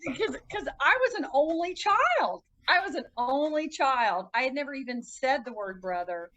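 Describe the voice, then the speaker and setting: On a rough recording, a woman guest on a podcast tells a personal story casually and earnestly, her bright, pushed voice full of lively intonation. She halts often, stopping and restarting sentences, and acts out quoted voices with jumps in pitch.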